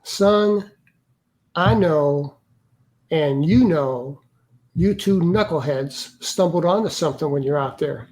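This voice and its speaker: A man quoting a gruff, intimidating older military major with a thick Southern US accent. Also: a little high, slow pace, darkish tone. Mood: probing. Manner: blunt, intimidating.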